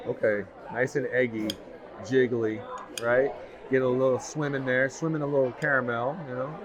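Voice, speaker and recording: With a medium pitch, steady tone and normal speed, a man records a casual restaurant food review to camera. He's enthusiastic about each bite, and the busy crowd can be heard chattering behind him.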